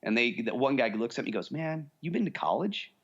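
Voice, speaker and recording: A man in his forties co-hosts a podcast, speaking briskly in a mid-range voice with big pitch swings over dull audio. He rambles through long stories in casual chat and acts out what people said.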